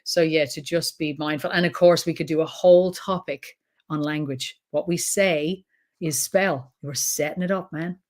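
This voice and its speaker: A woman's voice: sits low, steady tone, normal speed, a little mellow. A middle-aged woman with an Irish accent, a trauma expert talking casually as an interview guest, chatty with laughing asides. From Ireland.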